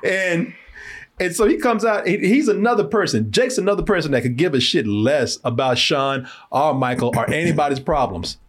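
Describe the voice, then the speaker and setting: A man hosting a podcast, reviewing a movie in slangy, animated, laughing casual chat. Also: fairly high pitch, normal speed.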